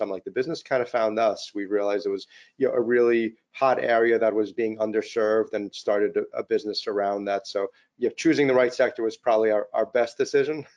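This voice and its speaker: A middle-aged man, a podcast guest, tells anecdotes in a modest, easygoing way, leaning on "you know" and filler words. His voice is at a middling pitch, and the audio sounds slightly dull and lo-fi. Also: a little mellow. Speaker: company CEO guest. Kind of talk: casual interview storytelling.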